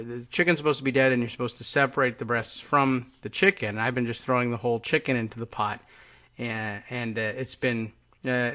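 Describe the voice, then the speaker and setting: A man's voice: medium pitch, sharp tone. A man hosting a live political talk radio show, musing sarcastically in a rambling, hesitant way. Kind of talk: casual political talk monologue.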